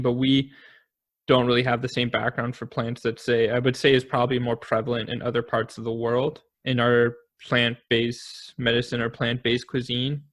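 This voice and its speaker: A man with a gravelly, creaky voice co-hosts a casual history podcast. He muses and thinks aloud, offering guesses in relaxed conversation. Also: mid-range voice. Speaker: podcast co-host.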